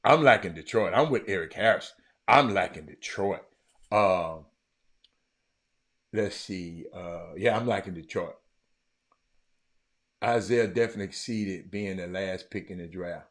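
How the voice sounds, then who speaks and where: Low-voiced man chatting live. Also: a little slow, pauses often, fairly bright tone. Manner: rambling, repeats himself, reads chat aloud. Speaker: live stream host. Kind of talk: casual live-stream chat.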